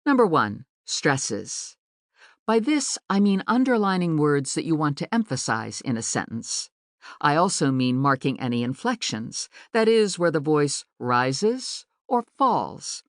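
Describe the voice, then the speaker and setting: Woman audiobook narrator, low voice, animated, dry studio sound; clear, emphatic teaching reads. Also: dry recording. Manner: clear, deliberate teaching delivery with marked emphasis. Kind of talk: scripted instructional narration. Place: recording studio.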